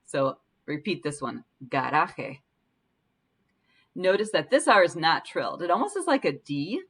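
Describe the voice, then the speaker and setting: A woman teaching Spanish pronunciation in a patient way, slowly repeating each word to demonstrate it. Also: fairly low pitch, very animated, husky. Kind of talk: language lesson.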